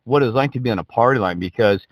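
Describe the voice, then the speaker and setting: An older man co-hosting a casual chat, teasing and cutting in with quick remarks. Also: mid-range voice, a little hiss or hum, rough recording. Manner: teasing, interjecting.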